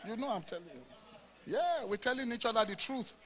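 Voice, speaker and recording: A man's voice: very high voice, animated, normal speed, a bit bright, slight background noise. A Nigerian pastor preaching a sermon to his congregation, with emphatic, rhetorical questions. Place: church service before a congregation.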